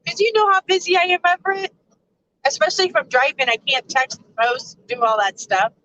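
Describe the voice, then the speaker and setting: Bright, high-voiced chatty trucker woman. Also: lively intonation, fairly quick, a little hiss or hum, low-quality recording. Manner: chatty, laughs often. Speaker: trucker and live-stream host. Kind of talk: casual live chat reading viewer comments. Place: truck cab on the road.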